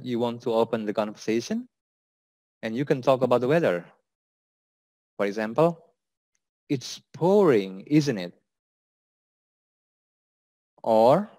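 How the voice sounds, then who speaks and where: A man's voice: medium pitch, dry recording. A man with an Indonesian accent teaching an English lesson, patiently repeating example sentences.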